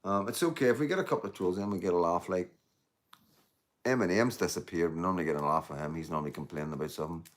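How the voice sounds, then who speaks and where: Rapid-fire and deep-voiced, a middle-aged man rambles through a casual stream chat. He swears liberally and keeps addressing viewers as guys and mate.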